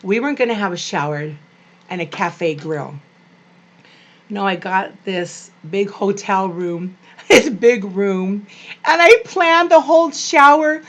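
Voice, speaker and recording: An older woman vlogging about being a grandmother, telling family stories in a gushing, animated way. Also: medium pitch, slow pace. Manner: animated, gushing, acts out quoted family voices. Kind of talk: personal storytelling to camera.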